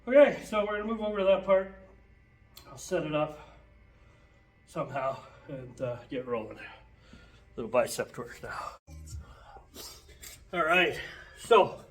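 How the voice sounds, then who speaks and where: A man's voice: a little high, lively intonation, measured pace, long pauses. A man coaching a workout in a gym, out of breath and coughing between sets, talking in a loose, casual way. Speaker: fitness trainer. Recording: echoey gym, distant mic.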